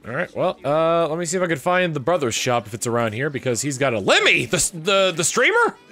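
A man's voice: fairly high pitch, huge pitch swings, fairly quick, sharp tone. Chatty man streaming a video game. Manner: wry, chatty, reads in-game text aloud. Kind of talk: live gameplay commentary.

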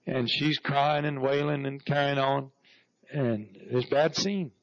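Fervent storytelling preacher, lo-fi church tape. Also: male voice, mid-range voice, fairly even intonation, unhurried. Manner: storytelling preacher, repeats "Praise God" with rising fervor. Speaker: pastor. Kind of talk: sermon. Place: church sanctuary. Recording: dull lo-fi 1991 church recording.

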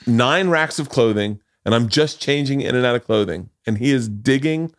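Loud profane man telling stories. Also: mid-range voice, moderate pace, no echo, clean studio sound. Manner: loud, animated, profane storytelling. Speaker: podcast host. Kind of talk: casual storytelling chat.

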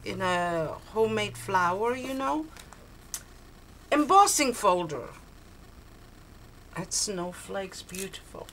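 A woman's voice: mid-range voice, expressive, takes it slowly, long pauses, a bit bright, poor audio. An older woman opening a craft swap package on her video blog, gushing and exclaiming over each tiny item. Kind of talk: casual unboxing chat. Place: cold home, heater on.

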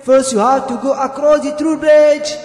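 A man's voice: extremely high pitch, fairly even intonation, normal speed, darkish tone. A man voicing a chipper talking map that sings and repeats directions, recorded in an echoey room with faint music. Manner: sing-song, repeating directions.

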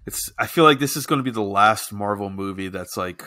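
This comedy podcast co-host speaks on the low side, a little quickly, with a pushed, bright tone. His talk is easygoing and loose, peppered with plenty of profanity.

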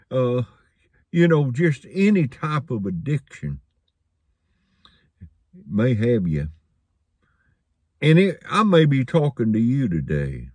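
A man's voice: mid-range voice, warm tone, husky, no echo, studio quality. A man preaching a sermon in a folksy storytelling manner, chuckling along.

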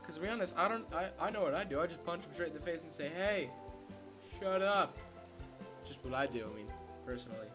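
A young man rambles through casual gameplay commentary, full of crude jokes and asides. His voice sits a little high. Game music plays loudly under him. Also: racing. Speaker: let's play commentator.

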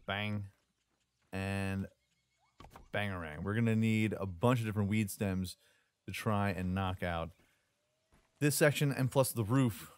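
A man's voice: fairly low pitch, moderate pace, faint music behind. A man giving casual, jokey commentary while playing a survival building game, often taunting the creatures he fights. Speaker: gaming YouTuber.

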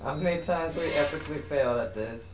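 A man's voice: a little high, quick pace. A man co-commentating a video game in casual, teasing banter. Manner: teasing, laid-back banter. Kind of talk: casual let's-play commentary. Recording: roomy echo, faint background noise.

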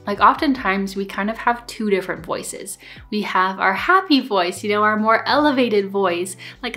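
A young woman vlogging advice to camera in a relaxed, conversational way, often checking in with "right?". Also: medium pitch. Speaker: lifestyle vlogger giving dating advice. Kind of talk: casual instructional talk to camera.

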